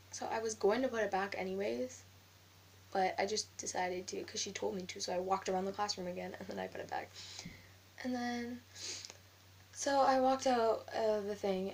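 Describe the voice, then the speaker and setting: Chatty young woman with vocal fry. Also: mid-range voice, normal speed, a little hiss or hum. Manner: rambling, heavy use of filler "like"; animated retelling of an argument. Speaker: vlogger. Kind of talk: casual storytelling.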